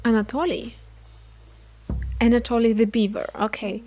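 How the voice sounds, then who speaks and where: A woman's voice: on the high side, animated, moderate pace, long pauses, darkish tone. A woman playing a video game and commenting in a casual, offhand way. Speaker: gamer. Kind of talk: let's play commentary. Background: game music.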